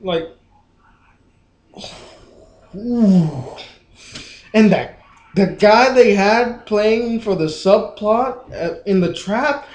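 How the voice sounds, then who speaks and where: High-voiced young man ranting about a movie. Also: darkish tone, echoey room. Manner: frustrated, ranting with many fillers. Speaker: vlogger. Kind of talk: movie review rant.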